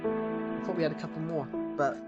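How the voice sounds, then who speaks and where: A British man in his twenties from the United Kingdom rambles chattily as he answers viewer comments during a game stream, with background music under his voice. He speaks briskly in a fairly high voice with fairly even intonation, and the recording is muffled.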